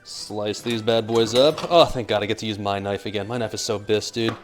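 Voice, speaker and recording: A man's voice: fairly low pitch, steady tone, fairly quick. A young American man cooking on a live stream, rambling and joking as he reads chat aloud. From United States. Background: faint music.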